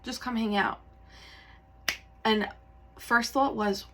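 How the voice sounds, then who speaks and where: A woman's voice: a little high, takes it slowly, long pauses. Candid, tearful woman tarot reader. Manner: candid, rambling, with many fillers and self-corrections. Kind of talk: casual confessional talk.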